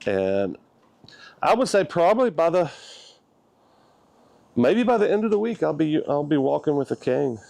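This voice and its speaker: A man vlogging a personal update, talking in a halting, thoughtful way with frequent restarts. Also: a little high, sing-song, creaky, darkish tone, no room sound. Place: outdoors, walking.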